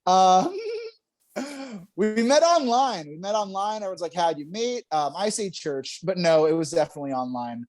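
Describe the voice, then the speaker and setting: A man's voice: high voice, lively intonation, moderate pace, darkish tone. A young man performing a stand-up comedy set on a club stage, telling self-mocking jokes and laughing between punchlines.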